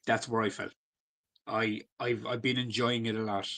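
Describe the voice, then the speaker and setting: A man's voice: lowish voice, flat delivery, normal speed, a bit bright. A man, co-hosting a podcast in loose, sweary casual chat full of fillers. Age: 40s. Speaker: podcast co-host.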